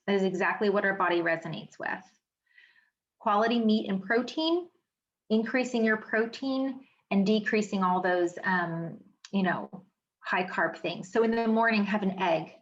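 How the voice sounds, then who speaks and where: A chatty woman teaching a wellness seminar from home, talking emphatically and filling pauses with "um" and "you know". Her voice sits at an everyday middle pitch. The recording is a little dull and muffled. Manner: chatty, emphatic, frequent fillers. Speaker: wellness educator. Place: home office.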